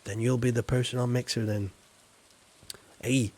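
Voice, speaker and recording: A man's voice: medium pitch, steady tone, moderate pace, a little mellow, no echo. A man chatting casually on a live game stream, rambling and reading chat aloud.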